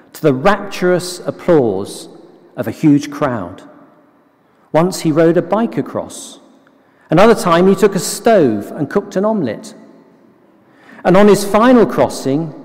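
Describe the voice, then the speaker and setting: Slow, earnest preacher in a reverberant hall. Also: male voice, fairly high pitch, very animated, a little mellow. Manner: slow, measured and earnest, with repeated phrases. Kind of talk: sermon.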